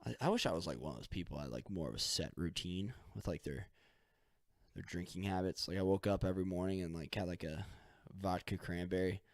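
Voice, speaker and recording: A man rambling through a solo podcast monologue, swearing casually and spinning stories as he goes. His voice sits on the low side. The sound is dry and close, with no room echo. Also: fairly quick. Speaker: podcast host.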